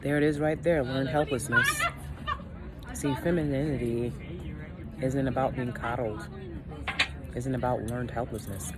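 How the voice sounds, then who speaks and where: A low-voiced woman giving a candid, casual vlog monologue, animated and quick to laugh. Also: over a noisy crowd, very noisy. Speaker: vlogger.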